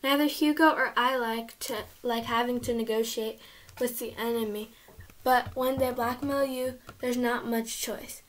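A woman reading a children's chapter book aloud in a lively, expressive storytelling manner. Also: on the high side, measured pace. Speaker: storybook reader.

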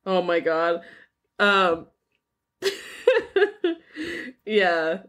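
A woman's voice: fairly low pitch, steady tone, extremely slow, fairly bright tone. A young woman co-hosting a podcast in casual chat, making dry, wry remarks and murmuring agreement. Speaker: podcast co-host.

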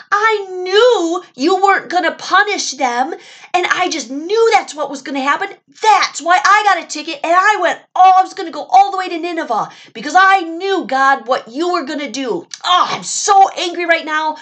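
A woman's voice: very high-pitched, animated, normal speed, fairly bright tone, pitched above the performer's own voice. A woman doing a whiny, sulking prophet throwing a fit. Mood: angry whining. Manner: wailing, petulant complaints.

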